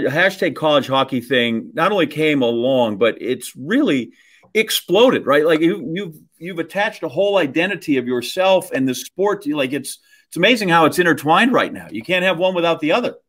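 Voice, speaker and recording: A man's voice: a little high, very animated, normal speed, fairly bright tone. A man chatting casually in an interview, playful and joking as he tosses in questions. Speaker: sportscaster guest.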